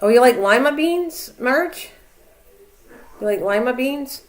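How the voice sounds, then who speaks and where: A woman's voice: high voice, animated, slow pace. An older woman hosting a live stream in a casual, rambling way, reading out viewer comments and chatting back to them. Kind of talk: casual chat.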